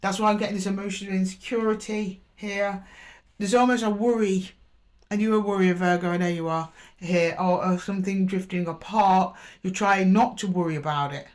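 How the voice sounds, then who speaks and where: A woman talks through a tarot spread in a loose, chatty way. She repeats card names as she draws them, trips over her counting and corrects herself. Her tone stays reassuring throughout, at a middling pitch. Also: fairly even intonation, normal speed, darkish tone. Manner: chatty and reassuring with frequent fillers and self-corrections. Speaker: tarot reader. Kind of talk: casual spoken tarot reading.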